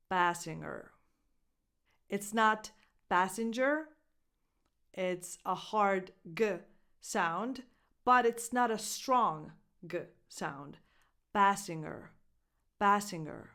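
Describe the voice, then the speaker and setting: Woman pronunciation coach, Italian native speaker, very slow careful delivery, repeats each word. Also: mid-range voice, a bit bright. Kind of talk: pronunciation lesson.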